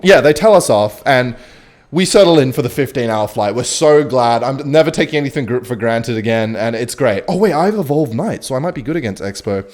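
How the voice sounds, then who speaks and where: A young streamer from Western Australia plays a game and spins a wandering, profanity-filled yarn, quietly muttering about his moves in between. His mid-range voice is expressive and runs a little fast.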